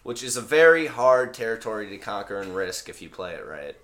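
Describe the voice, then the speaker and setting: A man's voice: lowish voice, big pitch swings, fairly bright tone. A man co-hosting a podcast, teasing and bantering with friends in casual chat. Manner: teasing, quick to mock. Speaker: podcast co-host.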